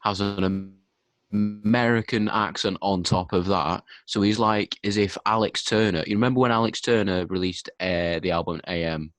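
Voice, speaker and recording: Young man, low voice, blunt and sweary co-host, dry close sound. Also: moderate pace, a bit bright, no room sound, soft background music. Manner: blunt and opinionated, swears freely. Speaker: podcast co-host. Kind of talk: casual chat.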